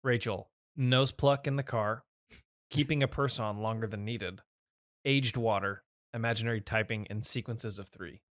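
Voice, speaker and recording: A man co-hosting a podcast, reading items off a list at a steady pace. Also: on the low side, moderate pace, no room sound, clean studio sound. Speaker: podcast co-host. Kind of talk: casual chat.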